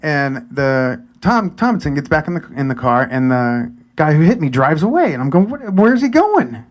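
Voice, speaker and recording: A man in his forties telling a personal story live, chatty and animated, sometimes dropping to a near whisper. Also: mid-range voice, moderate pace. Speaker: storyteller and event host.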